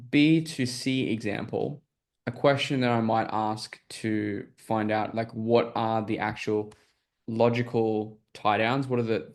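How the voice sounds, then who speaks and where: On a group call, a man with a fairly low voice coaches listeners through sales questions. His explanation is casual and packed with fillers, and he keeps checking that everyone is following.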